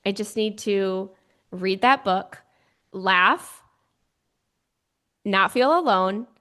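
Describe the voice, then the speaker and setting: A woman hosting a podcast interview, speaking warmly and gushing, with laughs. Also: mid-range voice. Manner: unhurried, gushing, laughs, faith-centered mom talk. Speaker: podcast host.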